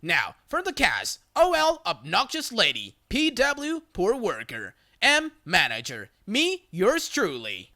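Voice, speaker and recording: A narrator reading a reddit story aloud in a lively, playful storytelling manner. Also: medium pitch, slow pace, few pauses, dry recording, studio quality.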